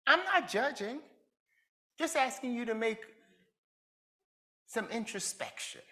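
Male preacher, unhurried, bright and animated, conversational sermon with questions to the congregation. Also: very high voice. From Jamaica. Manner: asks the listeners reflective questions, chuckles between points.

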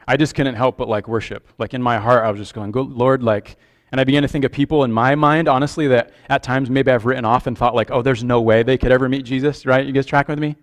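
A man's voice: medium pitch, steady tone, fast talker. A man preaching a sermon as pastor, speaking in an earnest, conversational way and checking in with the congregation with questions.

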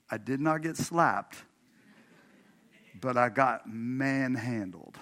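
A male pastor from Washington state preaching in his church, with a voice of ordinary middle pitch. He talks to the congregation casually and directly, mixing laughter and personal stories into the sermon. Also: animated, slow, pauses often, fairly bright tone. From Washington state, USA. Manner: conversational, laughs often, addresses congregation directly. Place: church sanctuary.

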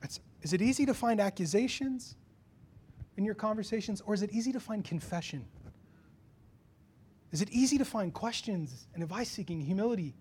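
High-voiced animated man preaching. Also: brisk, pauses often, breathy edge. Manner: animated, rises to loud rhetorical questions. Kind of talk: sermon. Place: church before a congregation.

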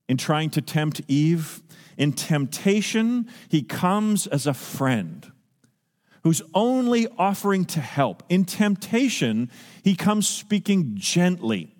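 A man's voice: on the high side, a little mellow, big-room sound. A man preaching a sermon as pastor, earnest and emphatic, asking the listeners pointed questions. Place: church sanctuary.

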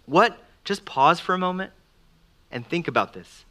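This middle-aged preacher gives an animated sermon, mimicking each person he quotes. He talks at an ordinary speed in a high-pitched voice.

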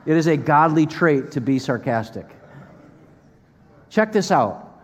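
A man preaching a sermon as pastor, playful and animated, then turning soft and earnest. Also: on the high side, a little slow, pauses often, in a large hall. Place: church hall.

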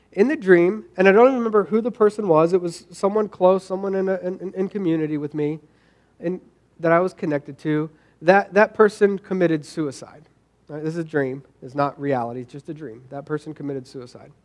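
A man preaching a sermon, talking conversationally with restarts and questions to the congregation. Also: high voice. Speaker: pastor.

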